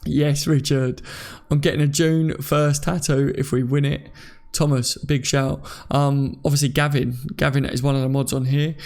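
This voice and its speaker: A man's voice: medium pitch, little pitch movement, normal speed, creaky, darkish tone. A young English man from near London, hosting a live stream and chatting casually while he reads viewer comments, joking and laughing often. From England.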